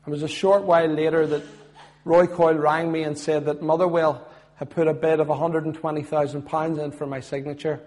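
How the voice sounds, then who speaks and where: A middle-aged man with a Belfast accent tells his testimony as a sermon, earnest, swelling loud on points of faith and then dropping low and soft. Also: flat delivery, a little fast. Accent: Northern Irish, Belfast. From Northern Ireland. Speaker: former footballer giving testimony.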